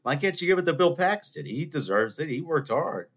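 A man hosting a podcast, talking in a rambling, jokey monologue full of fillers and restarts, sometimes bursting into high exclaimed imitations. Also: very animated, brisk, a bit bright. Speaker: podcast host. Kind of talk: casual monologue.

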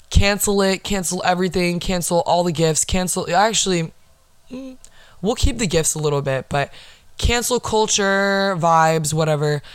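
A woman's voice: on the low side, clean tone, no room sound, studio quality. A young woman hosting a solo podcast, telling an exasperated story full of profanity. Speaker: podcast host.

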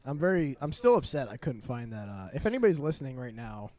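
A young man chatting loosely on a podcast, joking and teasing. His voice sits at an ordinary middle pitch. He wanders through stories with false starts. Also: very animated, quick pace, darkish tone. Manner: joking, teasing, rambling with restarts. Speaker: podcast co-host. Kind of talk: casual chat.

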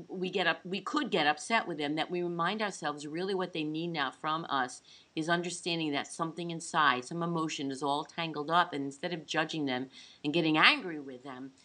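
A woman hosting an interview, talking reflectively with halting restarts. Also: on the low side, bright, forceful tone. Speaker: podcast host. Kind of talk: interview conversation.

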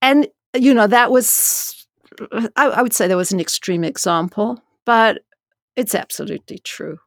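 A woman's voice: medium pitch, unhurried, creaky, no echo, studio quality. A woman scientist speaking frankly and emphatically in a conversational interview. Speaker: senior scientist.

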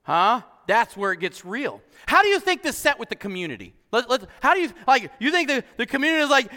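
A man preaching a sermon as pastor, animated and exclaiming often to his congregation. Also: high voice, fast talker, hardly any pauses. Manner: animated, exclaiming "huh?" and "come on". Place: church hall. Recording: long hall reverb.

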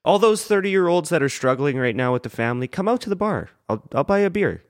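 A man's voice: fairly high pitch, big pitch swings, fast talker, dry recording, clean studio sound. A man on a casual podcast chiming in with short, encouraging remarks. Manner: encouraging, short agreeable interjections. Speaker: podcast co-host. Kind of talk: casual chat.

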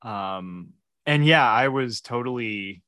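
A man's voice: mid-range voice, lively intonation, takes it slowly, bright, forceful tone, dry recording. A man co-hosting a podcast, hesitant and full of fillers, laughing often. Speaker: podcast co-host. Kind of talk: casual podcast chat.

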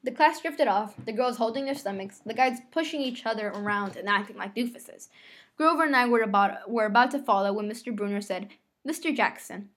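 A woman's voice: on the high side, brisk, a bit bright, slight background noise. A woman reading a novel aloud, telling the first-person story in a conversational way. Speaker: reader.

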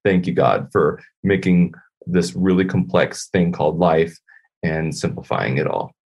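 A man's voice: low-pitched, measured pace, a little mellow, breathy edge. A man, a worship pastor, speaking earnestly and reflectively as a podcast guest. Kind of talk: faith podcast conversation.

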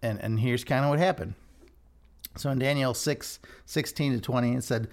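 A man's voice: mid-range voice, moderate pace. A man giving a casual devotional talk, rambling and correcting himself as he retells a scripture story. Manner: rambling, self-interrupting, animated. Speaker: devotional speaker.

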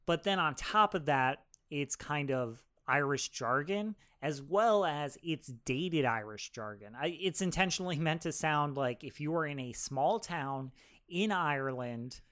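Male co-host, slightly higher voice, upbeat and chatty, talks straight to the audience. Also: lively intonation, unhurried, a bit bright. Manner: upbeat, addresses listeners directly. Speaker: podcast co-host. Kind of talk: casual film review chat.

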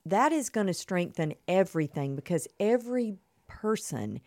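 A woman's voice: lowish voice, animated, moderate pace, darkish tone, dry recording, studio quality. A woman co-hosting a podcast about marriage ministry, explaining her points earnestly in long linked sentences. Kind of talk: casual conversational podcast.

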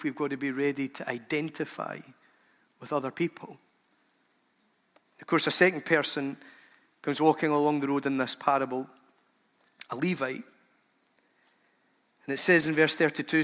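A man's voice: on the high side, fairly bright tone. A man preaching a sermon as a pastor, emphatic and repeating phrases for effect. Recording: long hall reverb.

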